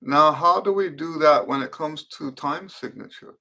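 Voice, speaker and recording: A middle-aged man teaching trumpet players in a live-stream Q and A, explaining in a thoughtful, unhurried way with fillers and restarts. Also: a little high, creaky, sharp tone.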